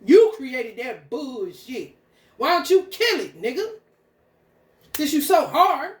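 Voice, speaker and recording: A woman's voice: high voice, big pitch swings, takes it slowly, roomy sound. A woman ranting angrily, confrontational and full of swearing. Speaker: spiritual content creator. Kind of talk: profane stream-of-consciousness rant.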